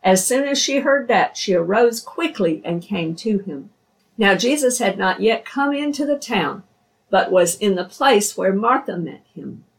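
Woman scripture reader; slow and measured, recorded off-mic. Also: medium pitch, animated, gravelly, recorded from a distance, low-quality recording. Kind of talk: scripture reading.

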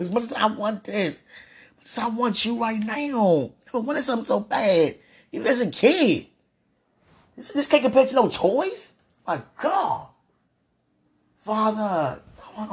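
Husky woman praying fervently aloud. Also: a little high, darkish tone. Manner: fervent, pleading, rambling, laughs between phrases. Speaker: religious speaker. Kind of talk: emotional spoken prayer.

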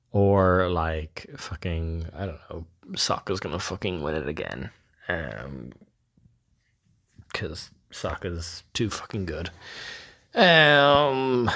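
A man's voice: low voice, a bit bright. A man leaving a recorded voice message, cocky and swearing, with lots of hesitant ums. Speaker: caller.

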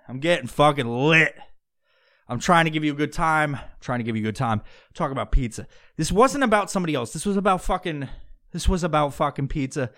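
A man from Long Island with a slight New York accent hosts a podcast, and his voice sits fairly high for a man. He rants in a profane comic style, swearing constantly and breaking into loud mocking impressions of other people. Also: animated, normal speed, vocal fry. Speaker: podcast host. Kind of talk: profane comedic rant.

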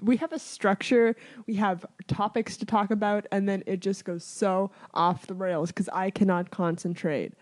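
A woman's voice: medium pitch, fairly even intonation, normal speed, few pauses, darkish tone. Giggly rambling woman podcaster. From Canada. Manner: rambling, giggly, self-mocking. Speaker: podcast co-host. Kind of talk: casual chat.

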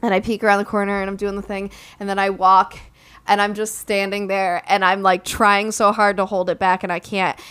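Young woman, casual chat, smooth clear voice, mid pitch, rambling storyteller, talks to her listeners. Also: a little fast. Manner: animated storytelling, lots of "like" fillers; speaks to listeners as "guys". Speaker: podcast co-host and recent bride.

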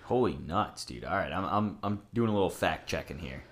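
Low-voiced podcast co-host with short reactions. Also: male voice, animated, brisk, slightly rough. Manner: short reactions, steers topics. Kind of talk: casual sports chat.

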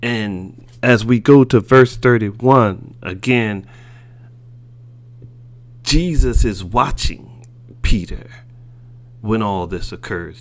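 A man preaching a sermon, slow and deliberate, building his points through repeated phrases. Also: on the low side.

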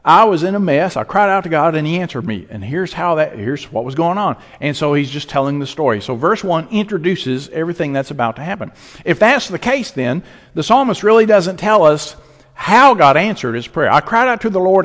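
Animated preaching man, hall echo. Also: a little high. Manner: emphatic preaching with dramatic pauses. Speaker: pastor. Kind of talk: sermon.

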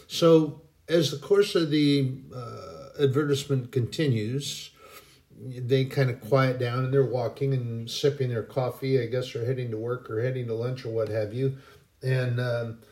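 A man giving a casual devotional talk in a folksy, rambling way, with many pauses and restarts. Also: mid-range voice, mellow. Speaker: Christian speaker.

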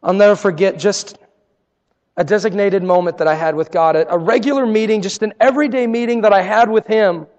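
A man preaching a sermon, telling personal stories in an earnest way and dropping to a hush at key moments. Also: high-pitched, brisk, long reverb tail, muffled recording. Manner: earnest, personal storytelling with dramatic quiet drops. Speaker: pastor.

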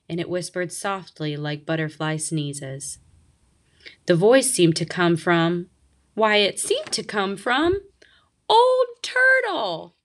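Slow, lilting woman reading a storybook. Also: lowish voice. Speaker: narrator.

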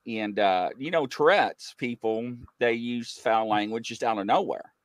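A man hosting a casual chat show, telling funny stories with sudden loud outbursts. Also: medium pitch, measured pace, no echo. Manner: animated, laughing storyteller with sudden loud outbursts. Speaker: host.

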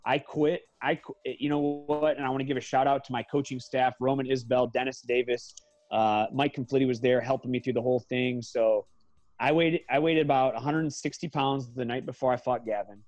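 A man's voice: mid-range voice, fairly even intonation, a little fast, darkish tone, dry recording, highs cut off. A man in his thirties, an MMA fighter guesting on a podcast, telling a long story in a loose, profane way and often correcting himself mid-sentence.

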